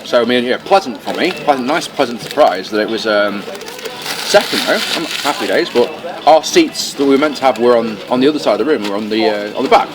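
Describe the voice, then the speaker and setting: A man co-hosting a casual podcast, chatty and swearing casually, recorded in a fast-food restaurant. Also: medium pitch, animated. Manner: chatty, swears casually, talks while eating. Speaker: podcast co-host. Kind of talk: casual chat. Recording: noisy crowded restaurant. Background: busy restaurant crowd chatter.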